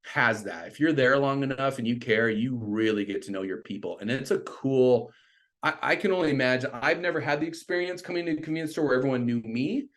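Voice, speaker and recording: A middle-aged man telling a story in casual conversation, animated and jumping up into high voices when he quotes people. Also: fairly quick. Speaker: podcast guest.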